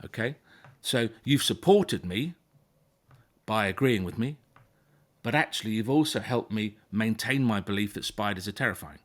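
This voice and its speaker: A man with a fairly low voice explains things patiently in the calm, steady way of a therapist. He often restarts his sentences and repeats words as he goes, checking in with his listener along the way. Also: normal speed. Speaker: phobia therapist. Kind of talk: explaining to a guest in conversation.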